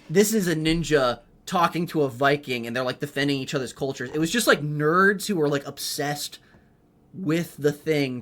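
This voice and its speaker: A young man hosting a comedy podcast, rambling in an animated, profane way and filling his talk with "like.". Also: fairly high pitch. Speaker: podcast host, rookie stand-up comedian.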